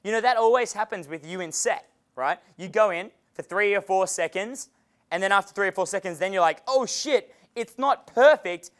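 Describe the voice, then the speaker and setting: A man's voice: high-pitched, brisk. A man giving a live dating seminar as coach, talking with energy and swearing freely. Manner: energetic and profane, acting out quotes. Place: seminar room.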